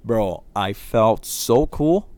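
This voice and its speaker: A young man chatting casually, telling an animated story full of cursing and slang. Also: on the low side, extremely slow, no room sound. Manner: animated storyteller, heavy cursing, acts out voices.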